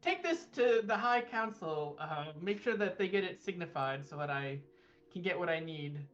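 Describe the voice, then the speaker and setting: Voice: medium pitch, expressive, normal speed, a bit bright, dull audio, natural voice. A player voicing Octavio, a pompous young noble who gushes in an overly formal way. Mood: hurried.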